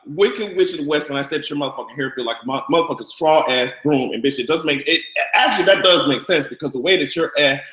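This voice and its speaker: A man's voice: on the high side, quick pace, few pauses, reverberant, poor audio. A man hosting a live-stream gossip show, brash, profane and camp. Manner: brash, profane and camp, with loud cackling laughs. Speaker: vlogger host.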